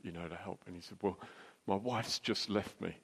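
A middle-aged man telling a jokey, anecdotal story as a church speaker, with quick restarts. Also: deep voice, creaky, a bit bright, husky. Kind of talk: storytelling sermon. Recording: long hall reverb.

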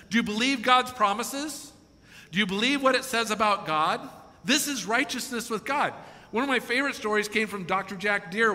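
A man preaching a sermon to a congregation, animated and acting out quoted voices with chuckles. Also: high voice. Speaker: pastor. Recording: long hall reverb.

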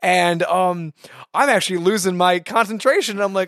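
A man's voice: high-pitched, moderate pace, no room sound, studio quality. A young man co-hosting a faith talk show, telling a personal story with lots of repeats and restarts. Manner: animated, repeats words and restarts often. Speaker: co-host. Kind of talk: casual testimony storytelling.

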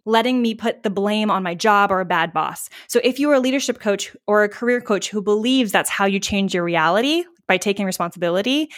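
Candid, chatty woman podcast host. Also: medium pitch. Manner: candid, chatty, swears casually, acts out client reactions. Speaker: podcast host, marketing coach. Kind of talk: casual solo podcast teaching.

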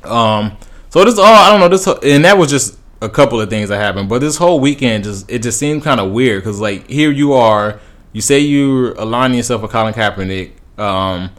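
A man's voice: fairly low pitch, lively intonation, moderate pace. A man talks through his opinions in a loose, rambling way. He is a podcast host, and he fills his sentences with "um" and "like" and restarts them as he goes. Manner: rambling, conversational, many fillers and restarts. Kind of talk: casual opinion commentary.

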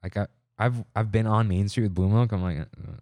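On this dry recording, a young man with a low voice speaks a little fast while co-hosting a podcast. He chats casually, rambling through tales and animatedly voicing quoted lines.

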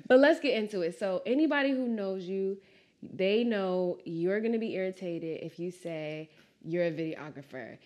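A woman hosting a casual interview, talking with lively, emotional bursts. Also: medium pitch, moderate pace. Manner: warm, emotional, animated bursts. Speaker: podcast host.

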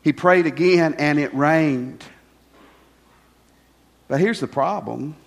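A man's voice: on the high side, takes it slowly, gravelly. An older man preaching a folksy, conversational sermon, full of rhetorical questions to the congregation. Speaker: pastor. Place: church sanctuary. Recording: long reverb of a church hall.

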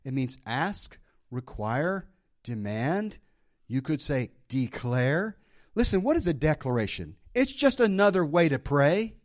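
A male pastor preaching to his congregation, his voice rising and falling in lively swings. He pitches slightly higher than most men and leans hard on his points, punctuating them with amens and praise. It sounds like a live church service. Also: unhurried. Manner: emphatic preaching with frequent amens and praise calls. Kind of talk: sermon.

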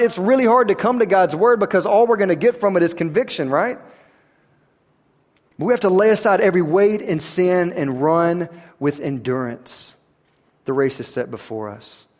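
A man, preaching a sermon that swings between quiet, intense stretches and rising emphasis. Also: high voice, big-room sound. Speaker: pastor.

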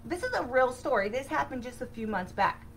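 A woman hosting a spiritual self-help podcast, telling a personal story in an animated, excitable way with sudden bursts of energy. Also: high voice, fairly quick, slight background noise, low-quality recording. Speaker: podcast host.

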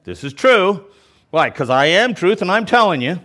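Lively, animated male pastor teaching. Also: high voice, normal speed. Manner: animated, emphatic, explains and repeats points; casual asides and self-restarts. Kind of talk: verse-by-verse Bible teaching sermon.

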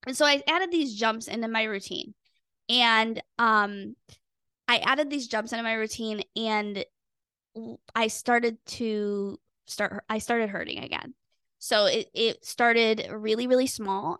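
A young woman hosting a podcast, telling a personal story in an earnest, expressive way and acting out her own past thoughts. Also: fairly high pitch, slow pace, clear, resonant tone, dry recording, clean studio sound. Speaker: podcast host and weight loss coach.

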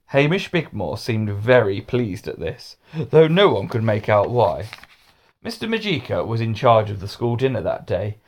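A man reading a children's storybook aloud with expressive delivery. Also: medium pitch.

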